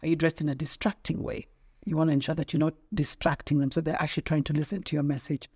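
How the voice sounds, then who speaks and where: A woman's voice: low voice, little pitch movement, a little mellow, husky. Emphatic woman trainer, middle-aged. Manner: emphatic, teacherly, quick with rhetorical questions. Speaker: guest, public speaking trainer. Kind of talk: casual podcast interview.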